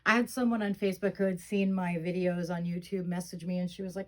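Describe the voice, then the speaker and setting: A middle-aged woman talking casually to her viewers in a slightly low voice. She rambles with plenty of fillers, venting her frustration before softening into fond, cooing remarks. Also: little pitch movement, quick pace, few pauses, poor audio. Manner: rambling, frustrated venting, fond baby talk about the dolls. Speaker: reborn doll vlogger. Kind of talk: casual chat.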